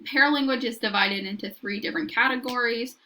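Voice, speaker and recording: A woman lecturing in a measured, explanatory way, now and then restarting a word. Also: fairly high pitch, pushed and bright. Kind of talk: recorded lecture.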